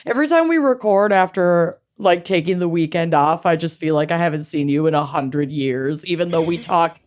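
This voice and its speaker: A woman co-hosting a chatty true-crime podcast, bubbly and laughing, her voice swooping up high when excited. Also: normal speed. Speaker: podcast co-host. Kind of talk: casual chat.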